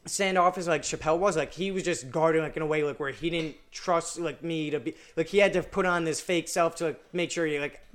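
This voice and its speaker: A man's voice: on the high side, fairly quick, few pauses, a bit bright. Young man rambling through a story. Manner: rambling, many "like" fillers and restarts. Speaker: podcast guest. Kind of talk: casual storytelling chat.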